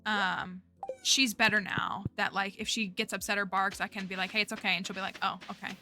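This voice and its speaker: A chatty woman livestreaming a game, thinking out loud and talking to her viewers in a bright, crisp voice. Her pitch sits in a middling range. Game music plays faintly behind her. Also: little pitch movement, moderate pace. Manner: chatty, thinks aloud and talks to her chat. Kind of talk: casual gameplay commentary.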